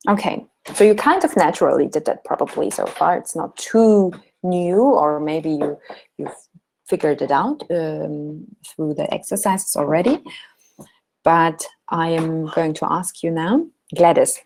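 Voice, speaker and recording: Woman, teacher, patient, low voice, slow. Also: darkish tone, low-quality recording. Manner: patient, explains slowly, models German sentences. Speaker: German teacher. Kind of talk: online language lesson.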